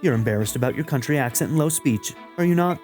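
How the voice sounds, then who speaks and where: A man's voice: medium pitch, expressive, fast talker, a little mellow, faint music behind, close to an everyday voice. A man doing a pompous, vain city lady. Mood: haughty. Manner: haughty, grandiose.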